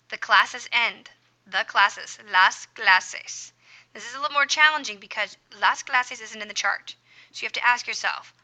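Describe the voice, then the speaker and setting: A Spanish teacher leads a screen-recorded grammar lesson, her mid-range voice very bright and clear. She stays upbeat and encouraging toward her students, marking each step with playful sound effects.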